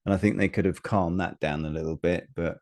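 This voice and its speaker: A man's voice: deep voice, fairly even intonation, a little fast, a little mellow. A man, co-hosting a casual review chat, hesitant and full of restarts. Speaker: show co-host.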